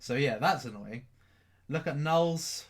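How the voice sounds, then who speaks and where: A man's voice: fairly high pitch, expressive, a little slow. A man hosting a casual live stream, reading out chat questions. He rambles, repeats his own phrases and swears offhand. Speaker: crypto livestream host.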